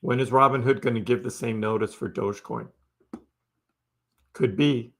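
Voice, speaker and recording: His mid-range voice holds a steady tone at normal speed, fairly bright with vocal fry. On his casual crypto live stream he chats easily, laughs often, and responds to viewers by their names.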